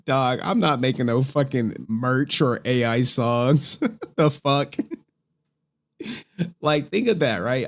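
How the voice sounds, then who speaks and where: Streaming live, a young man chats casually in slang and curses, laughing often. His mid-range voice is animated but comes out in a slow drawl.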